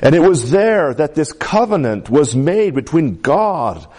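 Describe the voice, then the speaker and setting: A man delivering a sermon in a fairly high voice that swoops and climbs with emphasis. He leans hard on key words and keeps asking the congregation for an amen. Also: very animated, a little slow, a little mellow. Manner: emphatic preaching with congregation call-outs. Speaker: pastor.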